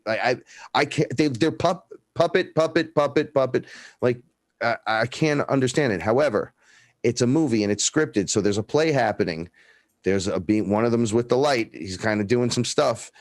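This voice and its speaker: A man's voice: medium pitch, no echo, studio quality. A man telling stories in a casual, profane chat, acting out the dialogue. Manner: profane, animated, acts out dialogue in his stories. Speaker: guest.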